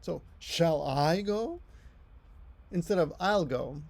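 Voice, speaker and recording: Slow and a little high, with vocal fry and a darkish tone, a middle-aged Japanese teacher meanders through a casual language lesson. He keeps correcting himself and tossing in chatty asides.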